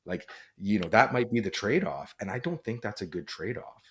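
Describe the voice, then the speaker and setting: Male guest, fairly low voice, earnest and reflective, loose chatty phrasing. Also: animated, normal speed. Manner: earnest, reflective, frequent "like" fillers. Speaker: guest, former police officer and author. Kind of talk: conversational interview.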